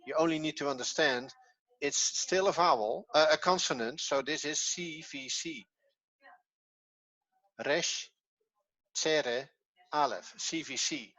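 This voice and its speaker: A man teaching a Hebrew class online, patient and encouraging, often pausing and restarting. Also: a little high, bright, forceful tone, no room sound. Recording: dull, lo-fi, dry.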